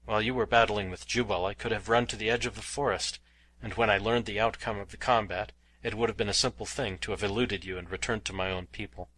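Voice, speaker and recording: Male reader as a soft-spoken young cave woman, proud and tender, storybook audiobook. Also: lowish voice, fairly even intonation, fast, low-quality recording. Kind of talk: audiobook character reading.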